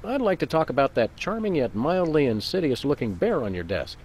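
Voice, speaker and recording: An actor voicing a polite, easygoing dog detective in a cartoon game, courteous and dry. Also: male voice, on the high side, big pitch swings, a little fast, darkish tone, a little hiss or hum. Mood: mild.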